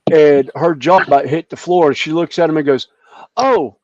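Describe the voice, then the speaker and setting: A man's voice: fairly high pitch, fairly even intonation, a little fast, a little mellow, no room sound. A man rambling through a casual anecdote on a group video call, with lots of fillers and restarts. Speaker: hobby group member. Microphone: video call microphone. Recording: dull, dry video-call audio.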